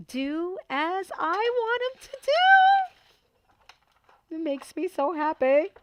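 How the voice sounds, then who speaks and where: A middle-aged woman with a high voice hosts a papercraft tutorial from her desk at home, chatting casually and excitedly and talking herself through each step as she works.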